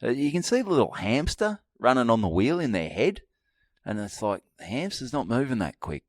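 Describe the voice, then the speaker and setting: A man's voice: mid-range voice, sing-song, moderate pace, dry recording. An Australian man co-hosting a podcast, teasing his friend with sweary, dry humor. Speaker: podcast co-host. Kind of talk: casual banter.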